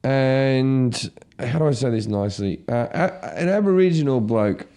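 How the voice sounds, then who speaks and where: A comedian telling a story in casual chat, acting out shouts as he goes. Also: mid-range voice, a little slow. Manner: animated, acts out shouts in his stories.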